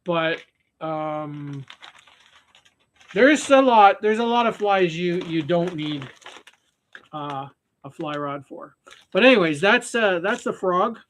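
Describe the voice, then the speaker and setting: Man, high voice, rambling, casual live stream host, fly tying chat. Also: expressive, slow pace, pauses often, a bit bright, a little hiss or hum. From Canada. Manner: rambling, with frequent restarts and fillers.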